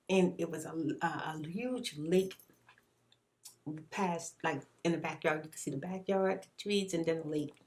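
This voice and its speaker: A woman's voice: on the low side, a little mellow. A woman ASMR creator telling an exasperated story between bites of food, in a casual, emphatic way. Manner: chewing and eating between lines. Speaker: ASMR YouTuber, mother. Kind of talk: casual storytime while eating.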